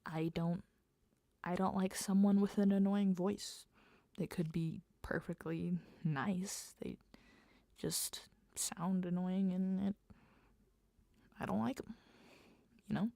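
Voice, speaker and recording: A woman's voice: lowish voice, steady tone, slow, creaky, pauses often, warm tone, no room sound, clean studio sound. A young woman streaming as she writes, talking in a casual, rambling way and often half-whispering her thoughts. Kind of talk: casual livestream chat while writing.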